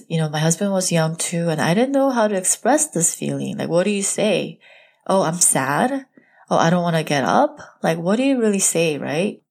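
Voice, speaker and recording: A woman's voice: low-pitched, darkish tone. A young woman and mother telling her own story to her viewers in a candid, confiding way, full of "like" and "you know". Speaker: mom vlogger. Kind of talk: personal storytime to camera.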